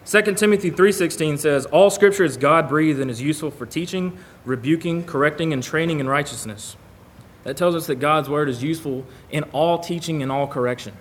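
A man preaching a sermon in church, talking casually with the congregation and reading scripture aloud. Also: fairly high pitch. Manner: conversational, reads scripture aloud.

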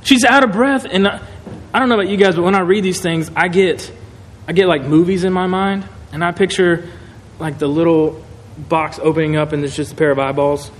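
A man preaching a sermon in a conversational, animated way, acting out quotes. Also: high voice, fairly quick. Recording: echoey hall, faint noise.

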